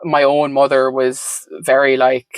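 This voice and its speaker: On a rough, echo-free recording, a woman with an extremely low voice tells her story as a podcast guest. Her tone is level and a little slow, and her conversational storytelling is reflective and meandering, full of "like" and "um."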